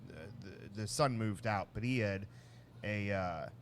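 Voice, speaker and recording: A man co-hosting a casual podcast, telling a long family story with many restarts and lively acted-out bits. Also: lowish voice, a little slow, slight background noise. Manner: rambling, restarts often, animated when telling a story. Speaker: podcast co-host.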